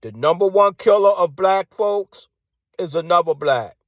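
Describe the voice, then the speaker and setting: A man delivering a combative monologue, repeating his phrases and firing off rhetorical questions, sometimes dropping to a hushed tone. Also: high-pitched, animated, measured pace, no echo, muffled recording. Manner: drops to hushed tone at times. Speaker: commentator. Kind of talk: ranting monologue.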